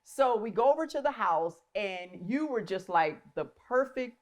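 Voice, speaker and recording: A middle-aged woman hosting a casual interview, telling a lively story and acting out what people said. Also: fairly high pitch, normal speed. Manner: animated storyteller, acts out quotes. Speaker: host.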